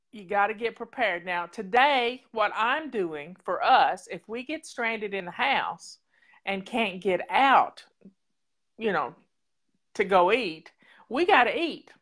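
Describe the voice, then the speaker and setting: A woman's voice: mid-range voice, fairly bright tone. A woman hosting a casual livestream, chatting in a folksy, rambling way straight to her viewers. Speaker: show host.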